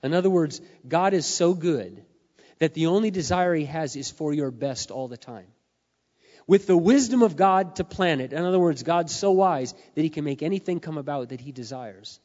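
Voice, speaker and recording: A middle-aged man preaching a sermon, earnest and confessional, swinging between quiet admissions and loud emphatic peaks, his voice wearing hoarse. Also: fairly high pitch, lively intonation, moderate pace. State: losing his voice. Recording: muffled sound in a reverberant hall.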